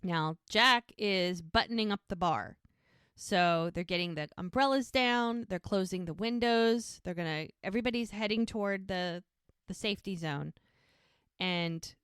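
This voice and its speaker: A woman's voice: mid-range voice, normal speed, clear, resonant tone, no echo, clean studio sound. A woman podcast co-host animatedly recapping a TV episode in casual chat. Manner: animated storytelling.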